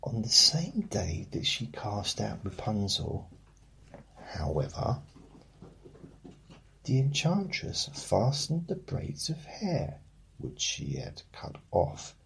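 Gravelly deep-voiced man reading a bedtime story. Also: low-quality recording. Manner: deadpan, joking.

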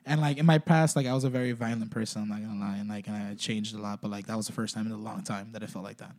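Male guest, talks fast, rambling and profane, casual podcast chat. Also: fairly low pitch, fairly even intonation, a little mellow. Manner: rambling, heavy swearing, many "like" fillers.

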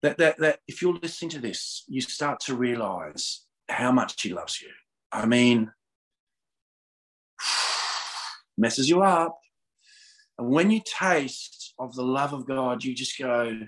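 A middle-aged man talking as a podcast guest, his voice pitched in the middle range. He moves between casual spiritual talk and fervent prayer, laughing often and repeating words in his excitement. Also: rough recording.

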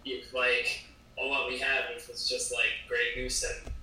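A man's voice: medium pitch, completely flat delivery, unhurried, sharp tone, heavy reverb, distant mic, slight background noise, poor audio. A man in casual podcast chat, talking in a laid-back way with plenty of fillers. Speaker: podcast co-host.

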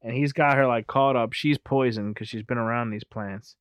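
A man's voice: medium pitch, fairly even intonation, moderate pace, few pauses, dry recording, lo-fi sound. A man in casual, profane chat, rambling through a movie recap and laughing often. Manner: rambling, laughs often, keeps saying anyway.

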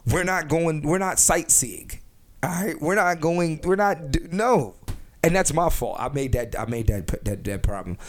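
A man's voice: fairly high pitch, expressive, normal speed. A young man hosting a casual podcast, brash and profane, rambling with lots of restarts and filler. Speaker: podcast host.

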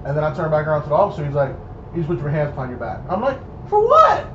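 Brief: young man, casual storyteller, higher voice, dull echoey noisy recording. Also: racing. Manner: animated, acts out voices in his story. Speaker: storyteller guest. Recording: echoey dull room with noise.

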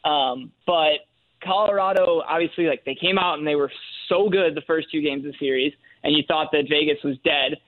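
A man's voice: on the high side, no room sound. Man on a tinny phone line. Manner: relaxed, with fillers and measured reasoning. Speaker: sports betting analyst guest. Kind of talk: phone-in radio sports picks.

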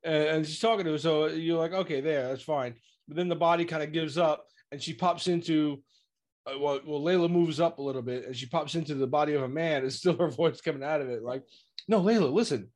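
A man's voice: on the high side, brisk. A man casually recapping a TV episode with friends, acting out the characters' lines as he goes. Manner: animated, acts out quotes.

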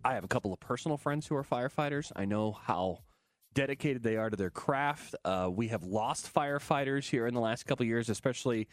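A man co-hosting a morning radio show, jokey and animated, with sincere, heartfelt moments. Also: medium pitch, fairly quick, no room sound, soft background music. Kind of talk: upbeat morning radio chat. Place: radio studio. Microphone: studio microphone.

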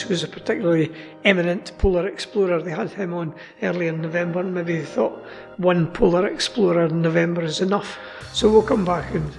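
A man's voice: high-pitched, gravelly, in a large hall. A Scottish man chatting as a radio guest, rambling with plenty of asides. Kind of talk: casual radio chat.

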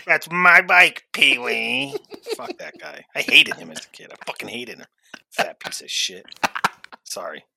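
رجل بصوت أجش لامع ومتقلب النبرة. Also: male voice, medium pitch, big pitch swings, measured pace, creaky, long pauses, sharp tone, slightly rough. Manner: profane, laughing asides. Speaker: podcast co-host. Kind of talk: casual chat.

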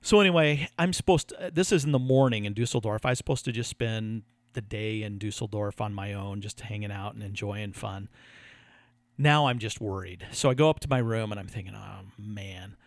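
A man co-hosting a podcast, telling a story in a casual, animated way and acting out what others said. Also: lowish voice, normal speed, no room sound. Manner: animated, laughing storyteller who acts out quotes. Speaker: podcast co-host.

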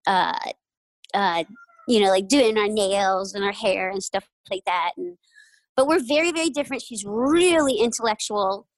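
A woman's voice: medium pitch, no echo, poor audio. A woman in an interview, telling stories in a chatty, casual way, with lots of "like" and "you know" and frequent laughter. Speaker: interview guest. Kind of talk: casual storytelling.

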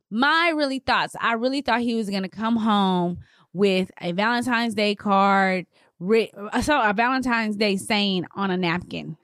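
A woman in her thirties telling a personal story to her viewers in a casual, animated way, with big swings in her voice for emphasis. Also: no echo, clean studio sound. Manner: animated, expressive, swings pitch widely for emphasis.

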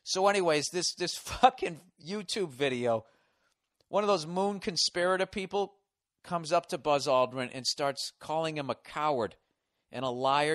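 A man's voice: fairly high pitch, a little slow, a bit bright. A man in his forties hosting a show, riffing through a profane comedic rant. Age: 40s.

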